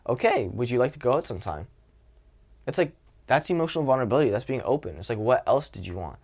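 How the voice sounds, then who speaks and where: Casual, expressive man coaching. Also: medium pitch. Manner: casual and expressive, swears often. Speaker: dating and social skills coach.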